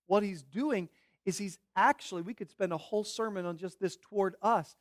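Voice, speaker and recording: A man preaches a sermon in a high, bright-sitting voice. He drops to quiet, earnest pleading, then builds to loud, emphatic declarations. The sound is dry and close, with no room echo. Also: normal speed.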